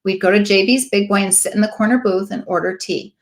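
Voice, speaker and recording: Here a late-fifties woman who works as a sales director talks fast through a motivational speech, full of lively stories in which she imitates the people she's quoting. Her pitch is mid-range; her tone is emphatic, broken up by preachy asides.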